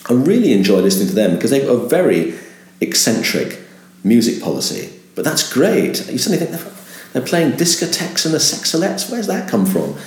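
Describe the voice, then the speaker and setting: A man's voice: mid-range voice, brisk, reverberant. An older man, a veteran radio presenter, reflecting in an interview and now and then leaping into an upbeat on-air voice. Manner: animated, jumps to a bright upbeat presenter voice when demonstrating.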